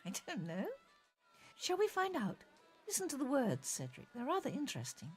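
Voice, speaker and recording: A woman voicing a soft-spoken, wistful teenage schoolgirl in an audio drama reading. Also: sits high, wildly swooping pitch, normal speed, soft background music.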